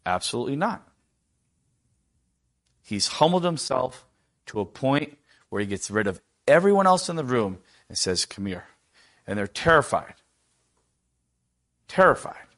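Man, middle-aged, sermon, rhetorical questions, soft hushed quotes, mid pitch. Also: big pitch swings, normal speed, pauses often. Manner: dynamic, drops to a near hush for quoted tender lines; asks the congregation rhetorical questions. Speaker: preacher.

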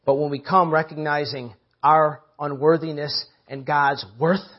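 Husky, high-voiced male preacher. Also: fairly even intonation, a little slow, lo-fi sound. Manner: emphatic, repeats phrases, addresses the church. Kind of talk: sermon. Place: church.

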